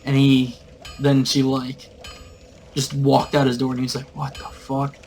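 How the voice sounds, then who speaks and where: A man's voice: mid-range voice, monotone, a little slow, darkish tone, a little hiss or hum, poor audio. A man casually recounting a tabletop game session in a rambling way, full of fillers. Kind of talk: casual storytelling.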